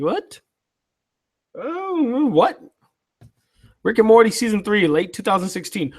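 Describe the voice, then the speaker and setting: A man with a very high-pitched, expressive voice speaks slowly and pauses often. He's a tired YouTube channel host, yawning as he reads viewer comments in a live chat and banters back with loose, profane teasing.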